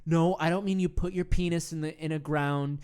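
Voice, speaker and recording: A woman's voice: deep voice, fairly even intonation, a little fast, mellow, clear, resonant tone, natural voice. A woman playing a rambling, earnest male self-help guru hosting a comedy meditation show, full of stammered restarts. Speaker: host. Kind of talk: improvised comedy monologue.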